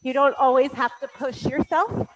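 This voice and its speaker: A woman's voice: sits high, fairly even intonation, normal speed, a little hiss or hum, low-quality recording. A woman fitness instructor calling out moves in an exercise class, encouraging and counting, a little out of breath.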